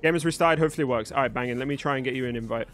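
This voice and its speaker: A man's voice: medium pitch, rapid-fire, a bit bright, faint music behind. A young man from Birmingham with a mostly neutral British accent, hosting a live stream, chatting with and thanking viewers as he reads the chat. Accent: British English, mostly neutral. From Birmingham, England. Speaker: streamer host.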